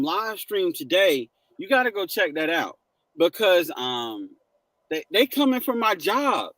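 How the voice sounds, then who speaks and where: Man hosting a livestream, animated pitch, slow easy pace, dry close sound, casual chat, laughs a lot. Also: dry recording. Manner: animated, greets viewers by name, laughs often. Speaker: livestream host.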